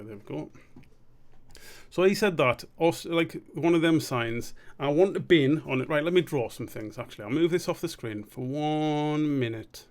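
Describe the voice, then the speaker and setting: A man streaming a drawing session, rambling and muttering to himself, swearing freely as he works. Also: a little high. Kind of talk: casual live-stream commentary while drawing.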